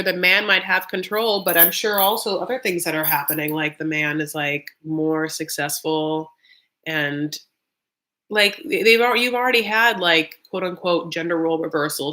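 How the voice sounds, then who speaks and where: A woman's voice: fairly low pitch, pushed and bright. A woman hosting a live reaction stream, chatting casually and sassily with lots of filler words. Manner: chatty and sassy, full of "like" and "honey". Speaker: live reaction show host. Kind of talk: casual commentary.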